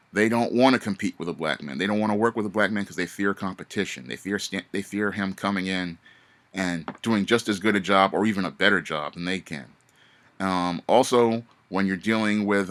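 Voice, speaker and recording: A man with a fairly low voice talks straight to camera in a casual monologue. He hammers each point with repeated warnings and frequent restarts. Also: fairly bright tone. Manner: emphatic, repetitive warnings with many restarts. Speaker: vlogger.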